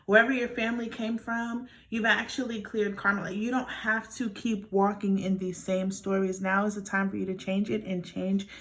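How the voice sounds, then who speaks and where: A young woman doing a pick-a-card tarot reading, speaking straight to her viewers in an earnest, encouraging way. She talks fast and often restarts her sentences, and her voice sits at a medium pitch. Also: little pitch movement, a little hiss or hum. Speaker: tarot reader.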